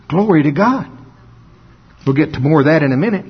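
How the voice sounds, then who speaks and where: A man preaching a folksy sermon, often laughing and slowing down for dramatic emphasis. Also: a little high, expressive, husky. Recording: dull lo-fi sound.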